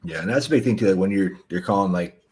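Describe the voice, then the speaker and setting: A man's voice: sits low, animated, fast, darkish tone, a little hiss or hum. A man hosting a live calling session, coaching a caller bluntly in casual, filler-heavy talk. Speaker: host and sales coach.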